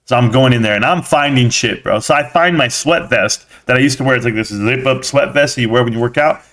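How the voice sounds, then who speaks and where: A man's voice: medium pitch, a little fast, a bit bright. A man hosting a casual live stream, chatting with viewers as a slangy, blunt storyteller.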